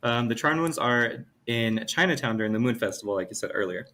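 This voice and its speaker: A man co-hosting a podcast, recapping an episode in a relaxed way with plenty of "um" and "you know". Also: medium pitch, fairly quick. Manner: relaxed, hedging with lots of fillers. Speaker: podcast co-host.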